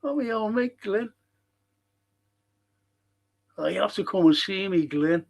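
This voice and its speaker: A man's voice: high voice, animated, gravelly. Sweary blunt man hosting a football watchalong. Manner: blunt, sweary, quick to anger. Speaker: podcast host reading live chat. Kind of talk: live football watchalong chat.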